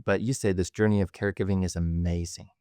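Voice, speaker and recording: Low-voiced thoughtful male podcast host. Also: steady tone, warm tone, clean tone, no room sound, studio quality. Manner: thoughtful, measured, with hesitations. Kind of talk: reflective conversation.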